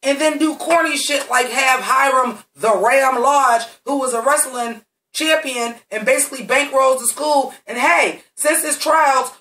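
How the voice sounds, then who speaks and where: A man's voice: extremely high pitch, pushed and bright, far from the mic. Sassy, cursing man in an echoey room. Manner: blunt and heavily cursing, talks straight to viewers. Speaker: TV recap reviewer. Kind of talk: profane, sassy episode recap.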